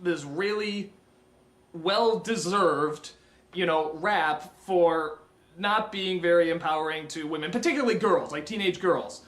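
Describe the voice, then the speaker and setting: A man giving a comedic film review rant, exasperated and mocking, with animated impressions. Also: fairly high pitch, a little slow. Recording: roomy echoey recording.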